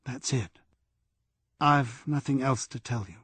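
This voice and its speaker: A man's voice: medium pitch, takes it slowly, a bit bright, husky, no echo, exaggerated voice. Man voicing a guarded, defiant woman witness. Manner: clipped, evasive replies. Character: female witness under questioning, guarded and defiant.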